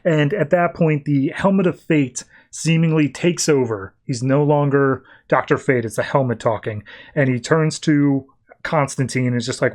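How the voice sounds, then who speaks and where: A man's voice: mid-range voice, normal speed. A man hosting a podcast, casually recapping a comic book issue in a loose, conversational way. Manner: loose conversational retelling, acting out quotes in a raised voice. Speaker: podcast host.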